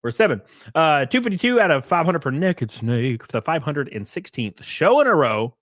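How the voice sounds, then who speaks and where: A man's voice: fairly high pitch, very animated, normal speed, a bit bright, no echo, studio quality. A man hosting a live reaction stream, teasing and cursing at his chat in a brash, joking way.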